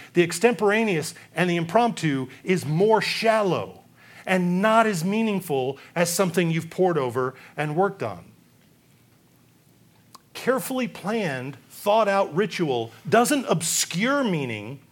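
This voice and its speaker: Man preaching, high voice, sarcastic asides. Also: sing-song, slow pace. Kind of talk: sermon.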